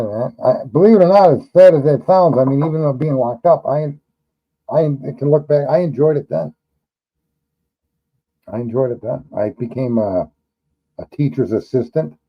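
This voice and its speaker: A man's voice: mid-range voice, dull audio. Blunt, profane New man. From New York. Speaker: livestream host. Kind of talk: casual livestream chat.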